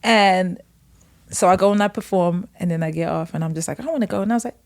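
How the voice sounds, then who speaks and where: A woman with a lower voice and a slightly quick pace tells a casual story as a podcast guest, animated as she acts out what others said, laughing along.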